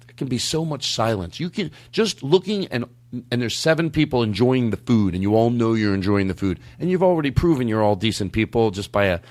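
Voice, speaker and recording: A man hosts a comedy podcast, chatting casually in a rambling way, laughing frequently and interrupting himself with restarts. His mid-range voice is expressive, brisk and darkish, with no echo.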